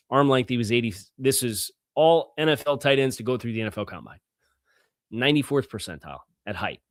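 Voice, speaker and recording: A man's voice: medium pitch, fairly bright tone, no echo, clean studio sound. A man hosting a sports podcast, talking through player stats in a loose, conversational way and also reading ads. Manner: conversational, fillers and restarts, stresses key words. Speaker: podcast host. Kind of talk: sports analysis podcast with host-read ads.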